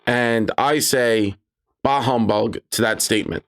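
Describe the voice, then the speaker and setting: Man, gravelly voice, animated game master advice, mid-pitched. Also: unhurried. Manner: animated, acts out players and GM in quoted asides. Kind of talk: casual advice talk.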